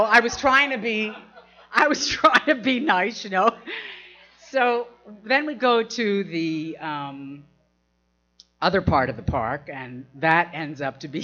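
Lady telling a funny story, keeps laughing, bright sharp voice, dull lo-fi recording. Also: on the low side. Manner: laughs often while telling, acts out quoted voices. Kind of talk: personal anecdote told to an audience.

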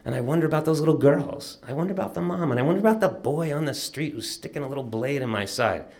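A man in his sixties telling a personal childhood story vividly, swinging from loud bursts to hushed moments. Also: on the high side, lively intonation, fast.

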